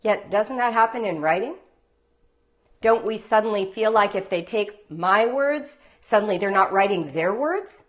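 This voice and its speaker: A woman's voice: mid-range voice, lively intonation, a little slow. A woman who teaches homeschool writing, giving a live-streamed talk on a phone with playful stories and rhetorical questions. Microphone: phone livestream.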